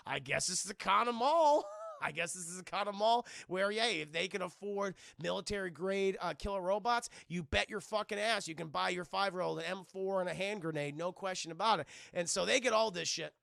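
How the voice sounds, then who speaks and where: A man giving an animated, profane scene-by-scene film recap to his stream chat, acting out the characters' lines. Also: high-pitched, brisk, gravelly, no echo, studio quality.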